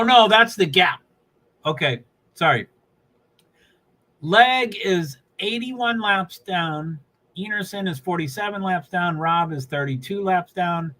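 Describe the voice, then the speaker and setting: Bright, chatty New man. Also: fairly high pitch. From New England. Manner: rambling, self-interrupting, chuckling often. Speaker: live streamer. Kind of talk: casual live-stream chatter while watching a race.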